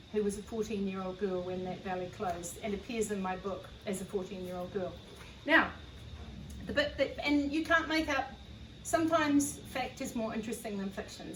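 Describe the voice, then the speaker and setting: A woman's voice: medium pitch, noisy background. New Zealand woman author, hesitant and echoey. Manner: hesitant, with many fillers, earnest. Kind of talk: introducing and reading from her novel. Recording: echoey room, far from the mic.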